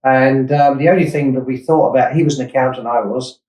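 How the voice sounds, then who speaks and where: A man's voice: mid-range voice, steady tone, fairly quick, darkish tone. Man, 60s, from Essex, England, interview guest, rambling anecdotes, self-corrections, mic at a distance, echoey room. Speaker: investor and startup founder, guest.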